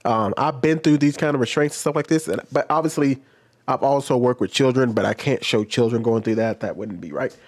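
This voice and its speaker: A man's voice: mid-range voice, a little fast. A man hosting a casual reaction video, talking loosely and rambling with restarts, close to his microphone. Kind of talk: casual commentary. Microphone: desk microphone close up.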